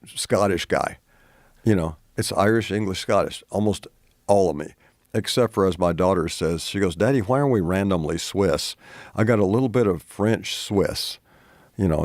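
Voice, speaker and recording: Southern American man, deep gravelly voice, dry close sound, rambling storyteller. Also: darkish tone, no room sound. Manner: meandering, anecdotal storyteller. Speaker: guest. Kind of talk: casual conversation.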